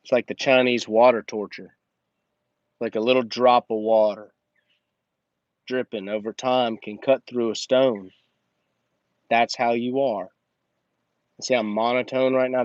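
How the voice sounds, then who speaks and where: A man's voice: medium pitch, flat delivery, a little slow, long pauses, dry recording. A man hosting a blunt, emphatic motivational monologue, talking straight at the listener like a coach. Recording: dull lo-fi recording.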